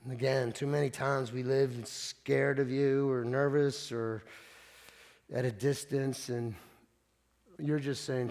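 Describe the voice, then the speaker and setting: A man's voice: mid-range voice, little pitch movement, slow, a little mellow. A man preaching a sermon as pastor, telling stories in a conversational way with frequent restarts. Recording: long reverb of a church hall.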